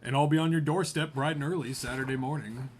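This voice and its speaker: A man reading aloud as a brooding young male vampire suitor, in a soft, low-key voice. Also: steady tone, fast, a little hiss or hum, lightly acted. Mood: restrained.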